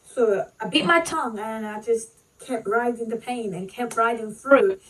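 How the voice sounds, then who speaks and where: A woman vlogger telling a painful personal story, halting and full of "like" and "you know", fighting back tears. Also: a little high, fairly bright tone, recorded from a distance, poor audio.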